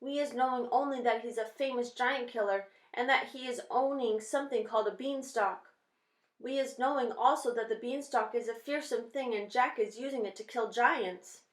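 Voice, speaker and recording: A woman voicing a gentle, big male giant who speaks quietly in quaint broken grammar, in a storybook reading. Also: fairly high pitch, moderate pace, natural voice. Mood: hushed. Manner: hushed, whispering, quaint ungrammatical speech. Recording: roomy echo.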